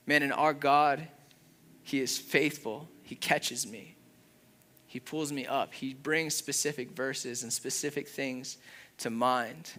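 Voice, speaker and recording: Bright-voiced young male pastor preaching. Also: mid-range voice, steady tone, unhurried. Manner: earnest, conversational preaching. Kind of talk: sermon.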